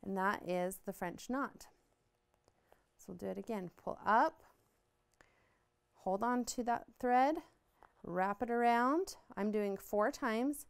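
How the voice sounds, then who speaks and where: A woman with a clean, mid-range voice leads an embroidery tutorial step by step, patient and upbeat, explaining each move as she stitches.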